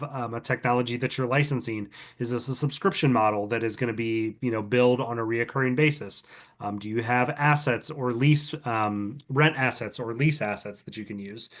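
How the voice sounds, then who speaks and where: Man casually explaining slides, lots of ums. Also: medium pitch. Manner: casual, filler-heavy, conversational explaining with frequent ums. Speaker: competition organizer presenting to student entrants. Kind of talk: recorded online presentation. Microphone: computer mic on a video call.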